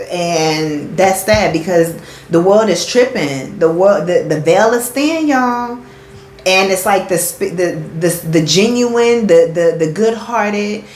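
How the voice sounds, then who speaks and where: Casual echoey woman giving a spiritual reading. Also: mid-range voice. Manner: rambling, conversational, addresses viewers as y'all. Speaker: spiritual advisor doing a tarot reading. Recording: echoey room with faint background noise.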